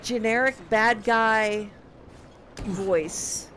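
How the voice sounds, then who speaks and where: A woman's voice: on the high side, fairly even intonation, drawn-out words, fairly bright tone, a little hiss or hum. A young woman casually recapping a game, sarcastic and profane in her exasperation. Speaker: game reviewer.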